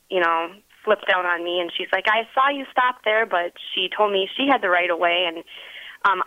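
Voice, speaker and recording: A woman's voice: fairly low pitch, no echo. A woman with a Wisconsin accent calling into a radio show, telling an indignant, long-winded story over the phone. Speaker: radio caller. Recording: muffled phone line.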